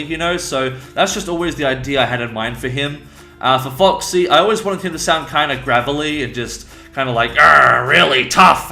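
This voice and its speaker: A man's voice: mid-range voice, bright, forceful tone. An upbeat man answering viewer questions in a casual, chatty way. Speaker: YouTuber and voice actor. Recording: echoey room.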